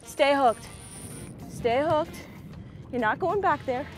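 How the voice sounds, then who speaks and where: A young woman vlogging from a fishing boat outdoors, chatting casually and bursting into excited shouts. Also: high-pitched, slow, faint music behind. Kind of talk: casual vlog commentary.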